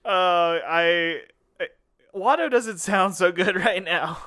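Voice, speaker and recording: A man co-hosting a comedy podcast, joking and quick to laugh in casual chat. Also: high voice, bright, forceful tone. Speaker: podcast co-host.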